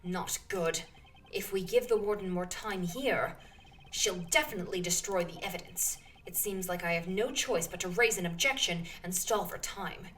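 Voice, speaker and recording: A woman voicing an earnest young male lawyer who doubts himself, reading game text aloud in a measured, plain voice. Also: lowish voice, a bit bright, recorded from a distance, a little hiss or hum, natural voice. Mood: earnest, worried.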